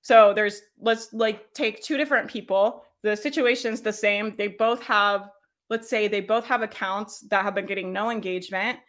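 Brief: upbeat coach, a woman with a bright, clear voice, talks loosely and laughs easily. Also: medium pitch, steady tone, moderate pace. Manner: chatty, laughs often, checks in with "right?". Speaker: business coach leading a workshop. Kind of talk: casual live workshop teaching.

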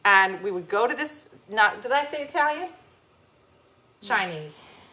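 Tipsy woman from New Jersey, podcast co-host, bright and lively storyteller. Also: mid-range voice, measured pace. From New Jersey, USA. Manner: animated, laughing storyteller acting out quoted voices. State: a little tipsy. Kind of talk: casual storytelling chat.

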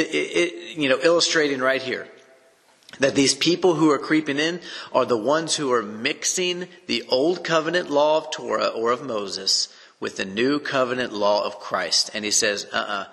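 An earnest man works through a Bible chapter in his own unscripted words, repeating points to drive them home. His mid-range voice is bright, forward and gravelly, at a moderate pace. A long reverb suggests a large room.

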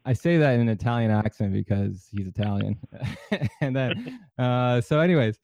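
A man's voice: mid-range voice, moderate pace, vocal fry, warm tone, no echo, highs cut off. A man hosting a podcast in a casual, easygoing way, with lots of fillers and restarts. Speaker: podcast host.

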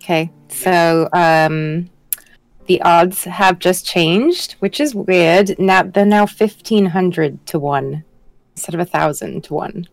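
A woman's voice: fairly low pitch, takes it slowly, no room sound. A woman playing a tabletop game, talking earnestly and chattily in character. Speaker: player. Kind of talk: tabletop role-play.

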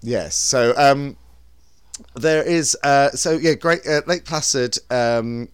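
A man's voice: medium pitch, slow pace, clean tone, no echo, studio quality. A man co-hosting a podcast, telling stories in a chatty, rambling way with many restarts. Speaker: podcast co-host. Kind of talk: casual chat.

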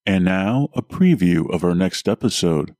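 A man's voice: low voice, lively intonation, normal speed, warm tone, faint music behind. A man reading a preview and a promo in an announcer style. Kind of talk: scripted show promo.

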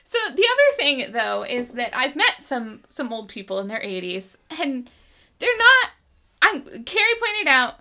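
High, lively, bright-voiced joking woman. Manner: playful, jokey, quick to laugh. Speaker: podcast co-host. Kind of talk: casual chat recapping an episode.

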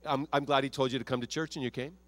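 Pastor of a church, this man preaches a sermon fast in a medium-pitched voice. He stays animated, performing prayers and quotes in his own voice.

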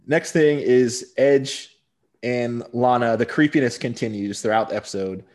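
A man's voice: medium pitch, moderate pace, darkish tone. A man co-hosting a podcast, recapping a TV episode in casual chat and often agreeing with "right". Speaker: podcast co-host.

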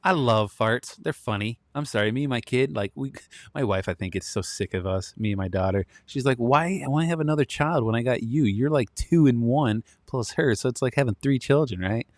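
A man's voice: mid-range voice, expressive, a little fast, no echo, studio quality. A man in his thirties hosting a solo commentary show, blunt and ranting, often breaking into laughter. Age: 30s. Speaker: podcast host.

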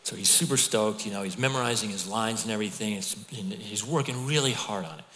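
Conversational preacher in a reverberant hall. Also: male voice, lowish voice, fast, slight background noise. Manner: conversational storytelling preacher, animated with asides. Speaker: pastor. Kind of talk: sermon.

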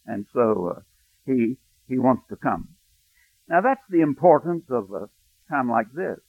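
A male pastor preaching a sermon, telling a personal story, hushed in tender moments and rising to emphatic preaching. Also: mid-range voice, sing-song, measured pace, dry recording. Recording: dry, thin phone-like sound.

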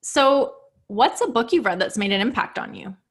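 A woman's voice: on the high side, animated, normal speed. A woman hosting an interview podcast, affirming her guest and asking questions in an upbeat way. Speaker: podcast host.

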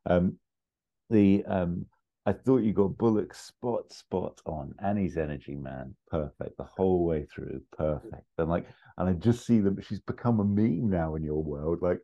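Brief: very low-voiced man, enthusiastic and laughing, casual swearing, slightly muffled audio. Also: unhurried, gravelly. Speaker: podcast co-host giving feedback. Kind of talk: casual podcast chat.

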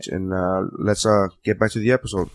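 Low-voiced man plugging sponsors loosely. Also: flat delivery, brisk, very noisy. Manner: loose, filler-heavy, rambling plugs. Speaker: podcast host. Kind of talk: casual chat.

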